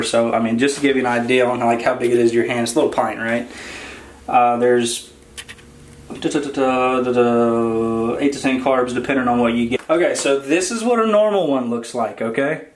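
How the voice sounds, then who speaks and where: A man co-hosting a casual grocery haul vlog, talking in a relaxed, rambling way with lots of fillers. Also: medium pitch. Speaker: vlog co-host. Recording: roomy echo, faint noise.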